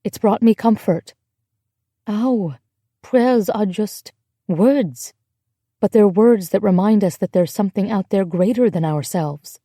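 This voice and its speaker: A woman voicing a kind, steady American woman who comforts a frightened girl in a gentle but firm way. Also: mid-range voice, measured pace, no echo, clean studio sound. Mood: reassuring.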